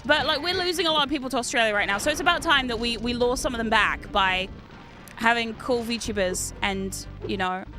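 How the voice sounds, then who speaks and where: Kiwi girl streamer rambling casually, high bright voice, faint music in the back. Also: fairly quick. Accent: New Zealand. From New Zealand. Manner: chatty, swears freely, laughs often. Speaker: VTuber streamer. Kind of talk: casual gaming stream chat.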